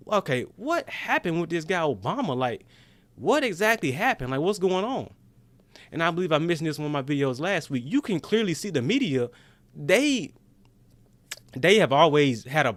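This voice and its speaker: A man's voice: on the high side, fairly bright tone, no echo. A man in his twenties from Jackson, Mississippi, ranting defiantly about politics on a casual livestream and often repeating himself. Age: 20s.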